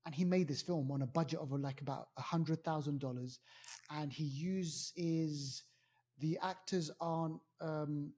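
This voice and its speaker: A man chats his way through a film review on a podcast. His voice is mellow and a little husky, and he rambles with plenty of fillers in an animated, easygoing way. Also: fairly high pitch, measured pace. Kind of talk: casual chat. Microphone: podcast mic.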